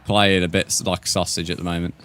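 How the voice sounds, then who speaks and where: A man's voice: low voice, little pitch movement, fairly quick, a bit bright, smooth, soft background music. A man streaming a game, chatting casually with viewers and calling them "mate". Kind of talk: casual live-stream chat.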